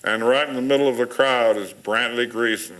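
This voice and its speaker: A man's voice: mid-range voice, a little fast, a bit bright, rough recording. Older guy rambling through old stories, chuckly, lots of uh and um. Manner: rambling anecdotes with chuckles and fillers. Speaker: panel guest telling stories. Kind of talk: casual storytelling.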